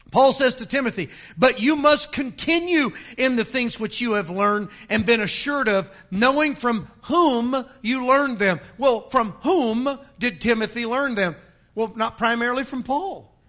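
A man preaching in a church sanctuary, his voice pitched high and ringing bright. He hammers his points home with repetition, climbing to forceful peaks before dropping low again. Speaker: pastor. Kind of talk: sermon.

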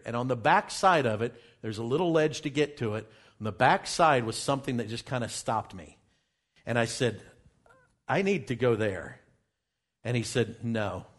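Man telling a dramatic story. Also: medium pitch. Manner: dramatic storyteller, drops to hushed tones for quoted exchanges. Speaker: speaker presenting travel findings. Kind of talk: storytelling talk with slides.

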